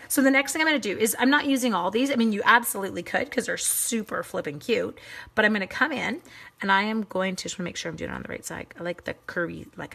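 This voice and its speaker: Chatty, breathy woman hosting a craft livestream. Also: mid-range voice, fairly bright tone. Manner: chatty, talks to viewers by name while crafting. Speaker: card-making livestream host. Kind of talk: casual craft livestream chat.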